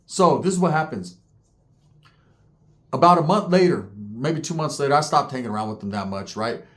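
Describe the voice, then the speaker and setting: A man's voice: medium pitch, expressive. A man telling a story in a casual, profane way, full of slang and constant "right?" checks. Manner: acts out other people's lines in quick voices. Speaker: podcast guest telling a story.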